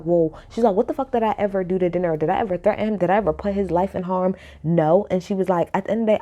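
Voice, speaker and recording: A woman's voice: on the low side, mellow. A woman recapping a reality TV episode in a casual, opinionated way, blunt and swearing freely.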